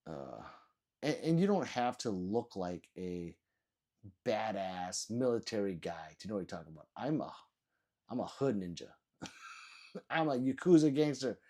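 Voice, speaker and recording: A man's voice: lowish voice, big pitch swings, normal speed, warm tone. Sleepy, profane man ranting on stream. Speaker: live streamer. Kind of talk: casual live-stream rant and chat reading.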